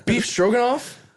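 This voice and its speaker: A man co-hosting a comedy podcast, teasing his friends and trading crude dad jokes. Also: high-pitched. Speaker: co-host. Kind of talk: casual comedy podcast banter.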